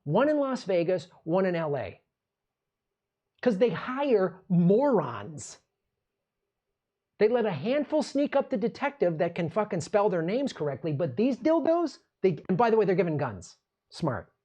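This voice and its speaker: A man's voice: high-pitched, sing-song, measured pace, warm tone. A man hosting a political commentary show, ranting in an angry, sarcastic and profane way.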